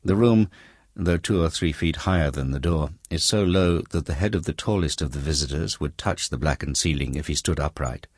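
Super deep guy reading an audiobook, slow and measured, dry close sound. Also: husky, dry recording. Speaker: audiobook narrator. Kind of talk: scripted narration.

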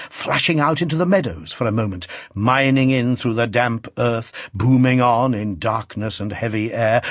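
Husky male narrator, lively dramatic reading. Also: mid-range voice, no echo, studio quality. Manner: rhythmic, building, dramatic reading. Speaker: audiobook narrator. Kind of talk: scripted narration.

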